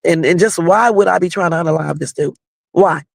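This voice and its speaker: A woman's voice: fairly low pitch, fairly quick, creaky, dry recording. A woman hosting her own livestream, bluntly and confrontationally sounding off while talking straight to her viewers. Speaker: livestream host. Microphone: home livestream setup.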